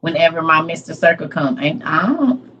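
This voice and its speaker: A woman's voice: deep voice, expressive, normal speed, sharp tone, dull audio. A middle-aged woman, chatting casually on a livestream and answering viewers' comments by name, laughing often. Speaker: livestream host.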